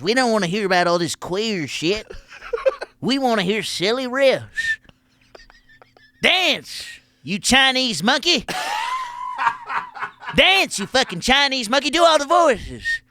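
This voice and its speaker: A man doing a shrill crude heckler. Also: no echo, full character voice. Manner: shouty, crude, mocking. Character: crude angry male listener heckling the host, warehouse worker.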